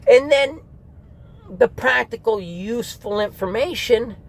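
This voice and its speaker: A man's voice: extremely high pitch, a little slow, gravelly, a little hiss or hum. A man giving a candid, rambling spoken review of an audiobook, with restarts and mock asides.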